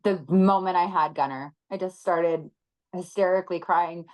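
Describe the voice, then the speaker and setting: A woman in her thirties speaks as a podcast guest, and her voice sits a little low. She talks in an earnest, reflective way, with the odd soft laugh. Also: steady tone, moderate pace, poor audio. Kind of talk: conversational interview.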